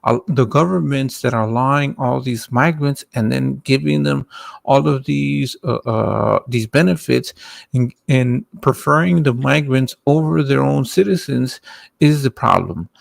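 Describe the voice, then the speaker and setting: A man in casual chat, talking in a halting way with many restarts. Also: medium pitch, creaky, dry recording.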